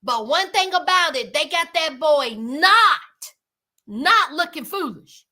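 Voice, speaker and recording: A woman hosting a livestream, chatting casually with viewers and calling them by name, animated and exclaiming. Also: high-pitched, takes it slowly. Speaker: livestream host. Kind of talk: casual commentary chat with viewers.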